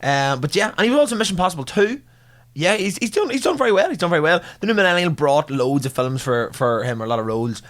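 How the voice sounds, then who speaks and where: A man's voice: on the high side, lively intonation, fast, fairly bright tone. A man, co-hosting a podcast in casual chat. He laughs often and leans on fillers. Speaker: podcast co-host.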